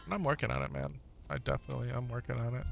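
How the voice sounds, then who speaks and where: A man's voice: mid-range voice, big pitch swings, very fast, vocal fry, highs cut off, over music. A middle-aged man streaming live, talking casually and earnestly to his viewers, often repeating phrases for emphasis.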